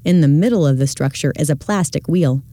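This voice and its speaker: A woman reading a scripted audio description of classroom video clips in a measured, clear way. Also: deep voice, mellow, dry recording.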